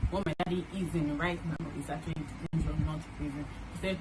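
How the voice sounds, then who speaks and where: A young woman in her twenties with a Nigerian accent, telling a personal family story to the camera in a halting, earnest way with many restarts. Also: low voice, fairly even intonation. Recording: noisy room ambience.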